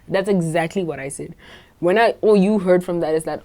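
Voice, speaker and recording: A woman's voice: lowish voice, a little fast, a little mellow. A woman in her twenties, hosting a podcast and telling a casual story in a blunt, profane, self-assured way. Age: 20s. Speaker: podcast host.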